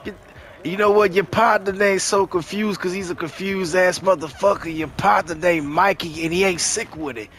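A man's voice: high-pitched, steady tone, normal speed, fairly bright tone. A man putting on a voice as a cocky, older-sounding streetball trash talker, taunting and boasting profanely over game voice chat.

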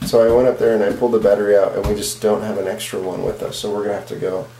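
Deep mellow guy chatting easy for the vlog, echoey room, faint hiss. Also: level tone, racing. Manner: easygoing, explaining. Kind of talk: casual vlog chat.

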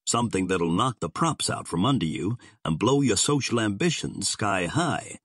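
A man's voice: on the low side, expressive, moderate pace, a bit bright, husky, no echo, clean studio sound, voice pushed up. A man voicing a sardonic male gangster boss who drawls his threats in slang. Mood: menacing.

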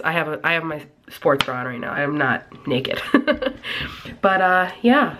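A woman's voice: sits low, a bit bright. A young woman with a nasal voice, chatting casually to camera at home in a rambling vlog. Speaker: vlogger. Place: at home, indoors.

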